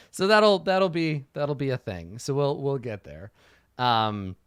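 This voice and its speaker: Animated man thinking aloud as game master. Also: mid-range voice, slow, smooth, no echo, studio quality. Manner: thinking aloud, animated, swears freely, acts out quotes. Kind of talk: casual solo campaign prep talk.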